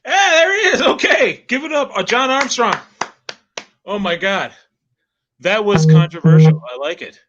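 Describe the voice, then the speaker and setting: A man's voice: sits high, expressive, normal speed, a bit bright, dull audio, slight background noise. A man emceeing a comedy show, rambling and upbeat, with many fillers.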